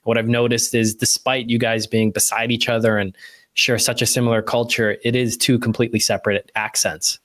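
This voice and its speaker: A man's voice: mid-range voice, level tone, brisk, a bit bright. A man from Canada with a Southern Ontario accent, hosting a podcast interview in an enthusiastic, chatty way. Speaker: podcast host. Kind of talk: casual interview chat.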